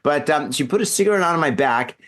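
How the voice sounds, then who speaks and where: A man's voice: on the high side, lively intonation, quick pace, fairly bright tone. A man hosting a podcast, drunk and telling a rambling, profane story in casual chat. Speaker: podcast host. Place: in Japan.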